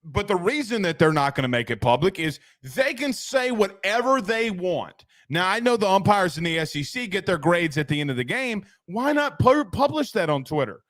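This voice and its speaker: A man's voice: sits high, very animated, moderate pace, few pauses, a bit bright, dry recording, clean studio sound. A man hosting a casual postgame sports talk show, ranting animatedly and reading out viewer comments.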